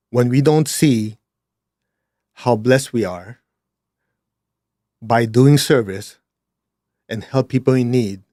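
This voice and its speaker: A man at an ordinary pitch tells a reflective personal story, dropping low and quiet and then rising into bursts of emphasis. His talk is plain, with blunt asides, and the sound is dry and close, with no room echo. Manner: animated, swings between hushed and emphatic. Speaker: speaker sharing a personal story.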